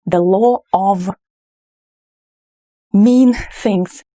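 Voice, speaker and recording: A woman's voice: mid-range voice, extremely slow, warm tone, no echo, clean studio sound. A woman with a Russian accent teaching a language lesson, patient, acting out Russian phrases with expression.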